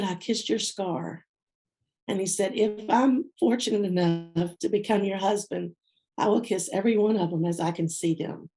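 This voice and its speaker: Gravelly woman telling a tearful love story. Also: medium pitch, mellow. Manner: tearful, heartfelt, many fillers. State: teary. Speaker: guest speaker. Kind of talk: personal storytelling.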